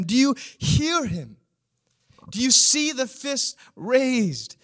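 Man preaching, fairly high voice, earnest, keeps asking the room questions. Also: sing-song, slow, fairly bright tone. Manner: earnest, rhetorical questions to the congregation. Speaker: pastor. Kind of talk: sermon.

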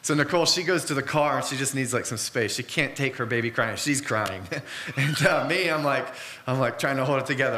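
Guy preaching a sermon, high bright voice, roomy echo, earnest and chatty. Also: fairly quick, a little hiss or hum. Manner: earnest, conversational, with personal stories.

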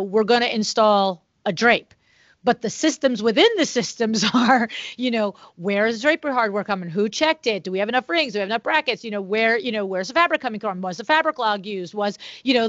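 A middle-aged woman tells a story with lots of energy and acts out the voices of the people in it. Her voice sits a little high. The sound is dry and slightly muffled. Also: no room sound. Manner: animated storyteller who acts out both sides of conversations. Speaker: podcast guest, window treatment business owner. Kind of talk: casual storytelling interview.

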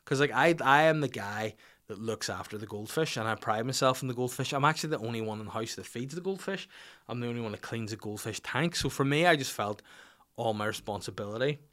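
A man's voice: medium pitch, fast, a bit bright. A Northern Irish man in his thirties, a podcast host telling a rambling anecdote, swearing freely and mimicking people in his stories. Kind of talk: casual storytelling.

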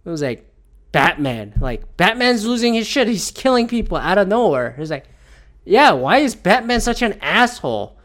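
A man hosting his own podcast and venting with plenty of swearing. His pitch leaps up and down in a lively, exasperated rant, and he sounds a little teary and keeps gulping. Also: moderate pace. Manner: profane, exasperated ranting. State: teary and gulping after a swab test. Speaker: podcast host.

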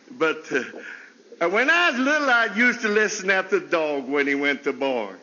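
A man preaching a folksy sermon with a stutter, often laughing and leaping into high bursts. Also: sing-song, measured pace, pushed and bright, in a large hall, muffled recording. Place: chapel service.

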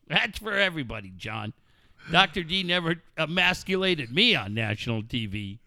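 A man on a casual talk show, trading crude banter and mocking impressions, loud and animated. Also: fairly high pitch, normal speed, gravelly, no room sound, clean studio sound. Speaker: co-host.

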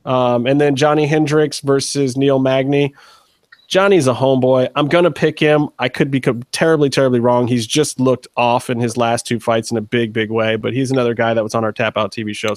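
A man hosting a casual podcast, joking with his co-hosts and making picks. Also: mid-range voice. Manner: joking, wraps up segments. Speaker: podcast host.

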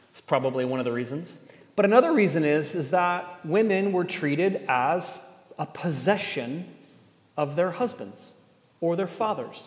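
Earnest male pastor in an echoey hall. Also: on the high side. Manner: earnest, with pointed rhetorical questions and dry sarcasm. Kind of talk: sermon. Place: church gathering space. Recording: echoey hall, long reverb.

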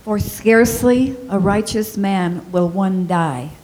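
A woman in a church reading scripture aloud in a slow, measured way from off-mic. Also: medium pitch, darkish tone, a little hiss or hum, rough recording. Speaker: scripture reader.

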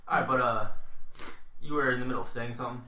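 A man's voice: medium pitch, fast, pushed and bright, roomy sound. A man co-hosting a podcast in casual chat, teasing in a dry way. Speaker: podcast co-host.

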